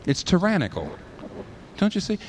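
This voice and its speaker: An animated man delivering a sermon, his voice leaping up and down as he argues his case. He keeps voicing the other side's objections and answering them with pointed rhetorical questions. A faint ambient hum sits underneath. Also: sits high, moderate pace. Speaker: preacher.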